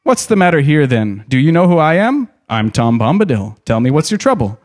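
A man's voice: a little high, big pitch swings, fairly quick. A man voicing a jolly, carefree old forest spirit with a rustic, sing-song way of speaking in a storybook reading. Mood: hearty.

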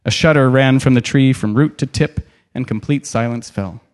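A man reading a novel aloud in an expressive, dramatic way, pausing to add his own comments. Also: medium pitch. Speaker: storyteller.

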